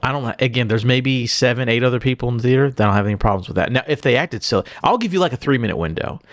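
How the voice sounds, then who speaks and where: A man co-hosting a casual podcast, chatting in a quick, offhand way. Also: mid-range voice, animated, dry recording, clean studio sound. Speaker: podcast co-host. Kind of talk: casual chat.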